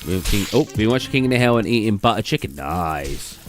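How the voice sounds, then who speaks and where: Lively, chatty British man. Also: on the low side, a little fast, soft background music. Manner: rambling, chatty, reads out and answers viewer messages. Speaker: live streamer. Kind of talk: casual live-stream chat. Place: indoors at a gaming computer.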